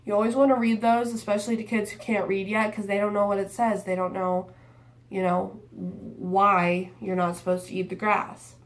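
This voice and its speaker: A young adult woman, an early childhood educator, calmly explaining how to read aloud to toddlers. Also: medium pitch, moderate pace. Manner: calm, explaining, casual fillers. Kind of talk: read-aloud teaching demonstration.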